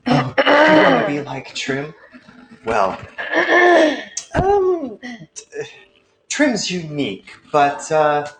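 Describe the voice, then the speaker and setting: A man's voice: fairly high pitch, big pitch swings, measured pace, echoey room, a crowd in the background. A man voicing a dry, teasing female ship doctor in a tabletop game.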